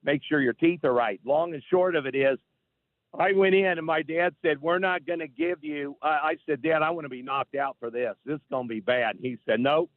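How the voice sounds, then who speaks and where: Male radio caller, fairly high voice, excitable and insistent storyteller, phone-line sound. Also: brisk, no room sound. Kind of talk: call-in radio chat.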